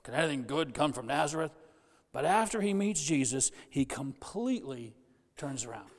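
A pastor in his sixties preaching a sermon, an animated storyteller who jokes with his congregation. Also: on the high side, normal speed. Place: church sanctuary. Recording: long church reverb.

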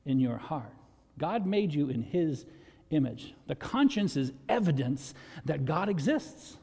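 A man preaching to his congregation in an easygoing, talky way, his voice sitting a touch above the usual male range. He lifts into loud, high bursts when he wants a point to land. The sound carries the long ring of a church hall. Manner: conversational preaching, swells loud and high for emphasis. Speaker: pastor. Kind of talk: sermon. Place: church sanctuary.

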